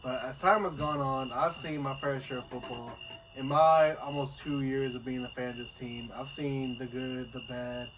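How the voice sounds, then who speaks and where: A man's voice: mid-range voice, steady tone, moderate pace. A man co-hosting a casual sports podcast, teasing and rambling, often repeating words as he goes. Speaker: podcast co-host. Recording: distant mic with clear background noise.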